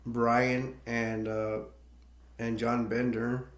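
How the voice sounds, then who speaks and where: Man, movie reviewer, casual rambling recap, mid-pitched voice, roomy echo. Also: level tone, very slow. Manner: rambling, laughs between points. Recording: echoey room.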